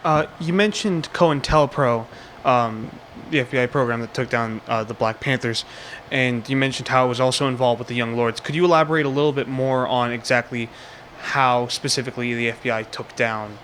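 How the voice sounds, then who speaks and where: A man's voice: medium pitch, a bit bright. Audience man, mid-range voice, careful question, faint background noise. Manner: measured, with filler pauses. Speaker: audience member asking a question. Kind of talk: question at a book talk.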